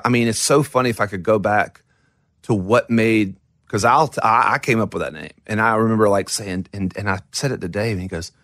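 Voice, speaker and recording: A man's voice: on the low side, a bit bright, no echo. Male musician guest, rambling and self-deprecating, dry close sound. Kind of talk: casual interview storytelling.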